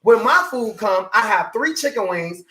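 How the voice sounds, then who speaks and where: A man preaching a motivational sermon, animated and hollering, his voice climbing higher as he makes his point. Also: moderate pace. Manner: voice climbs high when emphatic.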